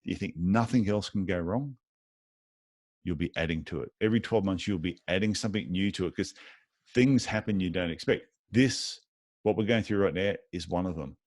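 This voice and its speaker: A man with a fairly low voice talks as a guest in a casual interview, recorded dry and close. He runs a podiatry clinic and tells his stories by acting out the exchanges between the people in them. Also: moderate pace, darkish tone, no room sound. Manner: tells anecdotes with lots of reported dialogue.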